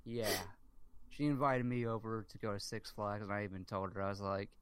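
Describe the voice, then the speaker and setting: A man's voice: lowish voice, steady tone, a little fast, clear, resonant tone, dry recording. A man telling a comic story in casual chat, acting out quotes and swearing often. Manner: comic storyteller, acts out dialogue, heavy swearing.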